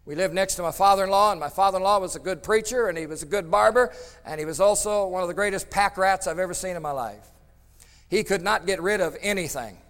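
A man preaching a storytelling sermon, swinging between loud emphatic bursts and hushed tones. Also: high voice, fast talker, big-room sound.

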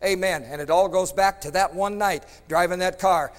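Man, preacher, storytelling sermon, emphatic with hushed drops, long church reverb. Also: sits high, moderate pace. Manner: emphatic, swings between loud outbursts and hushed tones.

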